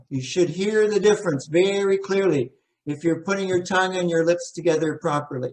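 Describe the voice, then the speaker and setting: A middle-aged man leading a pronunciation workshop, saying word pairs slowly and repeating each sound to demonstrate it. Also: sits high. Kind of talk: workshop teaching.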